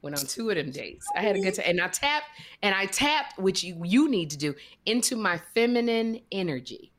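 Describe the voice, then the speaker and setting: A woman's voice: mid-range voice, fairly quick. A woman animatedly telling a dating story on a talk show, acting out the voices of the people in it and laughing often. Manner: lively, acts out voices in her stories, laughs often. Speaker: guest telling dating stories.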